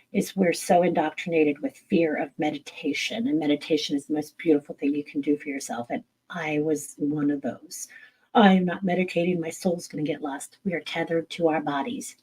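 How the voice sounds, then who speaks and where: Gravelly, husky woman talking frankly. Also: deep voice, a little mellow, poor audio. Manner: candid, blunt, swears casually, laughs at herself. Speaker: medium answering viewer questions. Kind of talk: casual live-stream Q&A.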